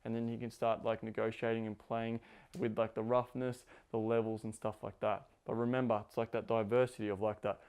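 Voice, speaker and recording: A man's voice: on the low side, little pitch movement, a little fast, a little mellow, clear, resonant tone. A man giving casual spoken instruction as a coach, rambling with lots of "like" fillers. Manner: rambling, heavy use of "like" fillers. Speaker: intimacy coach.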